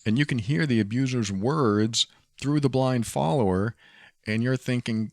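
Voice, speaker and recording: A man hosting a podcast, giving calm, coaching advice and repeating key phrases. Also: mid-range voice, a little slow, no echo, clean studio sound. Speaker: podcast host. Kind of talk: advice monologue.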